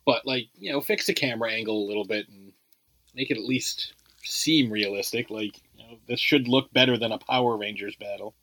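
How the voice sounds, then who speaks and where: Bright-voiced man rambling about movies. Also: lowish voice, brisk, no echo, poor audio. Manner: rambling, lots of "like" and "you know" fillers. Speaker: podcast co-host. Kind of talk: casual movie review chat.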